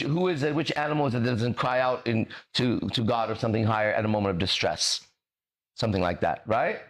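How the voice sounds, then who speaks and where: A male podcast host who speaks in an emphatic, preachy way in a mid-pitched voice. He swears freely and trips over words as the ideas come to him. His delivery stays casual. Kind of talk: motivational conversation.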